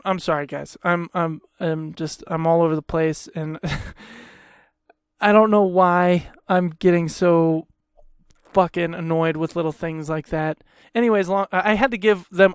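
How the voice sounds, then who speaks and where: A young man hosts a solo podcast, ranting in an exasperated, profane way, rambling and putting himself down with lots of swearing. His voice is high and clean, recorded at studio quality with no room sound.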